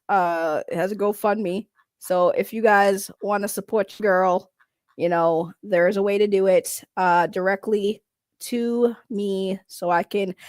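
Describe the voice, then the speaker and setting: A woman's voice: on the high side, no echo, clean studio sound. A woman livestreamer chatting casually and brashly, swearing and laughing as she answers her chat. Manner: brash, profane, quick to laugh, reacts to chat.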